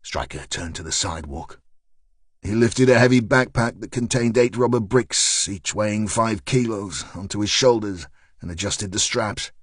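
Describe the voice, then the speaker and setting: A man reading a crime thriller aloud, measured and steady, with a somewhat low voice. The sound is dry and close, with no room around him. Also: no room sound. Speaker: audiobook narrator. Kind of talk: scripted narration.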